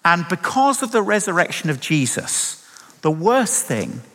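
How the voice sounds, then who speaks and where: A man's voice: high-pitched, sing-song, measured pace, bright, forceful tone. A man preaching a sermon, emphatic and full of rhetorical questions. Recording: long hall reverb.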